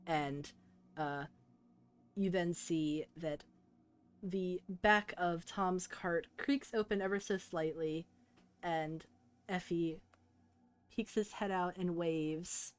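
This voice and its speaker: A woman narrating a tabletop game as game master, in calm, measured storytelling. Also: fairly low pitch, smooth.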